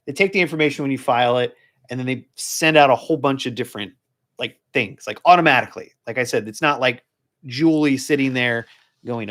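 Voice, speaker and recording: A man, working as a divorce lawyer, explaining a court filing in a casual, rambling live stream full of fillers and restarts. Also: medium pitch. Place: law office.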